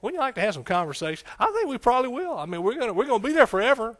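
A man's voice: extremely high pitch, sing-song, very fast, fairly bright tone. A man preaching a folksy, conversational sermon, with frequent amens and hallelujahs. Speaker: pastor.

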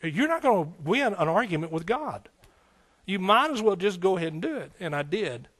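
A man's voice: sits high, moderate pace. Folksy, fiery man preaching a sermon. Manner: folksy, energetic preaching with repeated phrases and calls of "amen". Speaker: pastor and Bible teacher.

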